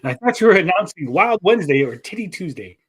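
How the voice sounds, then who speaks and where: A man's voice: high voice, very animated, fast talker, slightly rough. A man hosting a casual livestream, rambling and joking as he reads out chat messages. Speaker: livestream host.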